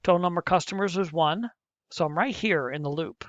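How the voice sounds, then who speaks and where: A middle-aged male teacher speaks a little fast in a high, fairly bright voice, walking through a programming lesson step by step and muttering while typing. The screen-recorded lesson has no echo and was captured on a muffled, dull lo-fi mic.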